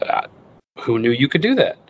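A very animated wild game cook and recipe writer in his thirties has a medium, creaky voice and talks at normal speed. Interviewed casually amid slight background noise, he impersonates the people in his story and frequently starts over.

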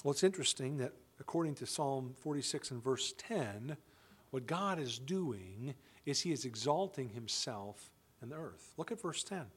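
A man's voice: mid-range voice, animated, normal speed, breathy edge. A man preaching a sermon, emphatic and full of rhetorical questions. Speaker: pastor; father of children.

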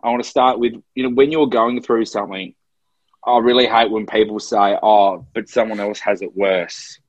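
Recorded in Melbourne during lockdown, an Australian man co-hosting a podcast shares a personal story in a casual chat, sounding earnest and emotional. His voice is lowish and steady at a moderate pace, and the dry recording has a dull quality.

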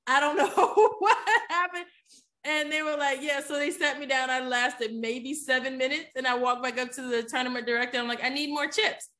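Woman podcast guest with a slightly high voice, chatty and animated storyteller. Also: moderate pace. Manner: animated, chatty, keeps asking "you know what I'm saying?". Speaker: podcast guest, poker player. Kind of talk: casual storytelling in an interview.

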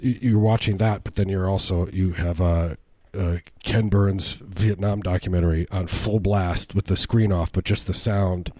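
A man's voice: sits low, steady tone, normal speed, few pauses, warm tone, no room sound. A man co-hosting a comedy podcast, riffing in a rambling, absurd way with lots of false starts. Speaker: podcast co-host. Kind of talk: casual comedic chat.

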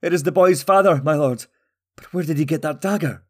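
A man's voice: a little high, brisk, breathy edge, voice pushed up. Urgent, frightened villager, raised voice, read by a man. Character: frightened male villager, questioning.

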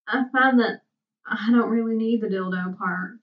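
A woman's voice: a little high, unhurried, recorded from a distance, dull audio, pitched above the performer's own voice, natural voice. A woman voicing an anxious, tender woman who pleads and breaks into tears. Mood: embarrassed.

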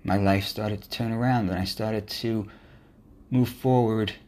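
A man's voice: lowish voice, steady tone, measured pace, a little mellow. A man hosting a motivational podcast, speaking in an earnest, encouraging monologue. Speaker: podcast host.

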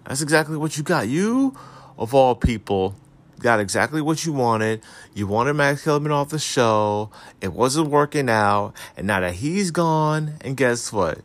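A man's voice: mid-range voice, lively intonation, normal speed, a bit bright. A man giving casual celebrity gossip commentary, reading articles aloud with sarcastic, profane asides. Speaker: commentary host.

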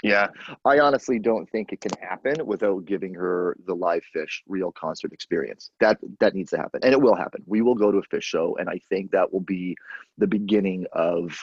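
Husky lo-fi podcast host, a man. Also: deep voice, fairly quick, dry recording. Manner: animated storyteller, excitable. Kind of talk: casual podcast chat. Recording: dull, lo-fi dry sound.

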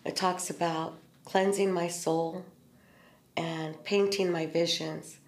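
A woman's voice: on the low side, fairly even intonation, slow. A middle-aged woman hosting a podcast, telling a personal story in a candid, spiritual way with casual swearing. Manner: earnest, storytelling, spiritual talk with swearing and laughs. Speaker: podcast host. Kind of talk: candid heartfelt conversation. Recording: echoey room.

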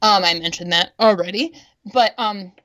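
A young woman in casual chat, blunt and profane and quick to laugh as she swaps stories about rude customers. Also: mid-range voice, fairly bright tone. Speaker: former craft store worker.

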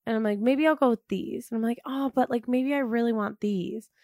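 A woman's voice: a little high, fairly quick, darkish tone, dry recording. A young woman co-hosts a casual chat podcast. She talks hesitantly, circling her point with fillers and restarts. The sound is dry and close. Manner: hesitant, filler-heavy, many "like"s. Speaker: podcast co-host.

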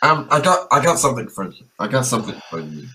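A man's voice: medium pitch, sing-song, fast talker, pushed and bright, low-quality recording. A man playing a small male bard who stammers through earnest apologies.

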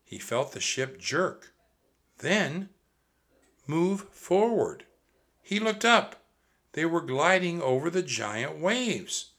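A man reads a children's adventure story aloud at a slow, deliberate pace. His voice is bright and expressive, and he speaks straight to the kids listening. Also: on the high side. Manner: expressive, addresses kids directly. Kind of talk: reading a children's book aloud.

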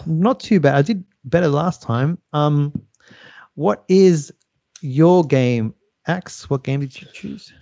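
Mellow-voiced man hosting a game segment. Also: a little high, takes it slowly, no echo, muffled recording. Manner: laid-back, with frequent fillers and chuckles. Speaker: podcast host running a game segment. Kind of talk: casual chat.

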